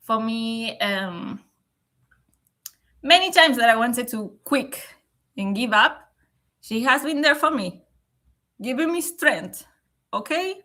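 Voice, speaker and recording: A woman on a casual live stream, answering comments, emotional and close to tears, speaking in a measured way and often asking "okay?". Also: a little high, animated, bright, forceful tone. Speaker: livestream host.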